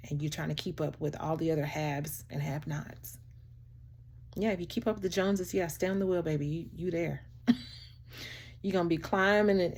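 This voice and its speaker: Addressing the camera with heartfelt motivation, a woman vlogger turns animated and preachy, frequently laughing and calling her listener "child" and "baby." She has a fairly low, husky voice.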